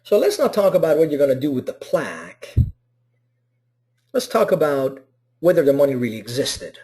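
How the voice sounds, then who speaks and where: A man's voice: a little high, sing-song, moderate pace, dark tone. A man teaching an online motivational class, asking rhetorical questions and acting out little scenes. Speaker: motivational instructor.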